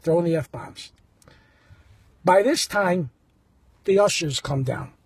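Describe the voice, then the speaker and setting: Animated man telling a story, husky voice. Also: fairly high pitch, slow pace. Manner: animated, blunt, acts out the quotes. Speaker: baseball fan telling a story. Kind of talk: casual storytelling to camera.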